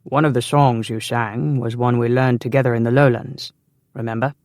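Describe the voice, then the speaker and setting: A deep-voiced English nobleman, young and sly, who needles his friend with playful mockery, as a male narrator reads him. The voice is low and gravelly, and the sound is close and dry. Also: fairly even intonation, moderate pace, darkish tone, no room sound, close to an everyday voice. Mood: teasing. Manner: mocking, playful.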